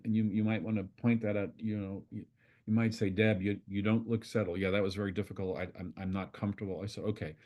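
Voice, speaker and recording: A man, a constellation facilitator, telling a story in a relaxed, conversational way and acting out the dialogue. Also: mid-range voice. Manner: conversational, acts out dialogue with swearing quotes. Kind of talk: storytelling in an online talk.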